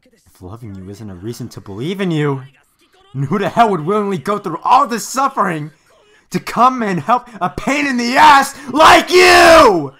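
A man voicing a stubborn, devoted young man in an anime dub, impassioned and shouting at times, with a lively voice. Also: high voice, moderate pace, heavily acted.

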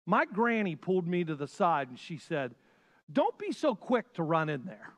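A male pastor preaching a sermon with passion, swinging between loud bursts and hushed lines. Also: sits high, very animated, normal speed.

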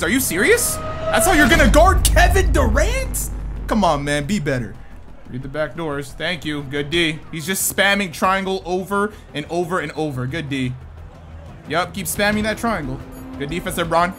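A man giving lively commentary over his own basketball video game match, talking to himself and his viewers and breaking into sudden shouts. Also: sits high. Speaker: gaming YouTuber. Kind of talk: live gameplay commentary.

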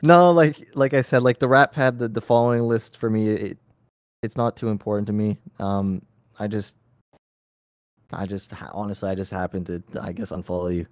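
A man's voice: on the low side, steady tone, moderate pace, no room sound, studio quality. A young man from Toronto, a guest rapper on a casual podcast call, easygoing and a little hesitant as he talks. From Canada, Toronto. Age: young adult. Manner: easygoing, laid-back, a bit hesitant.

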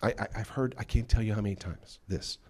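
A man's voice: fairly low pitch, fairly quick, a little mellow, husky. A male pastor delivering a sermon with emphatic delivery, acting out the voices he quotes. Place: church.

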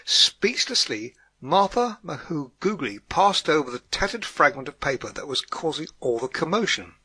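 Man, husky voice, bright tone, storybook narration, dry. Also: on the high side, normal speed, no echo. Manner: steady storytelling read. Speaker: audiobook narrator. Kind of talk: scripted narration.

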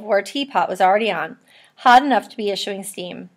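A woman's voice: mid-range voice, brisk. A woman, a teacher, reading a novel aloud steadily and adding casual explanations in between.

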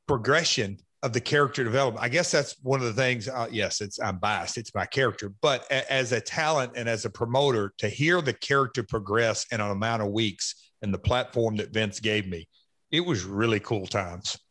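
A middle-aged man who hosts a podcast, recalling old days in an animated, rambling way. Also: mid-range voice, normal speed. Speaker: podcast host and former wrestler. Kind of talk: casual podcast chat.

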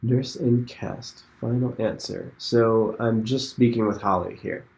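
Male host, casual game chatter, hesitant, mid-pitched. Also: a little slow, gravelly, darkish tone. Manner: thinking aloud, hesitant. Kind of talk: casual commentary while playing an online game.

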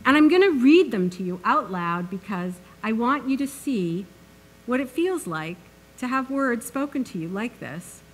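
A woman's voice: on the high side, expressive, unhurried, a little hiss or hum. A woman giving an academic public lecture in an earnest way, with many fillers and restarts, recorded on a microphone in a university lecture hall.

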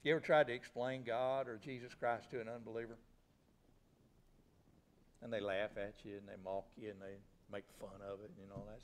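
A man's voice: on the low side, flat delivery, moderate pace. A male pastor preaching a sermon in a folksy, plain-spoken way, asking the congregation rhetorical questions.

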